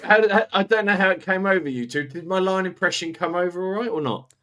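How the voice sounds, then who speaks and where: A man's voice: high voice, fast, pushed and bright, a little hiss or hum. A man, joking and teasing in a casual livestream chat.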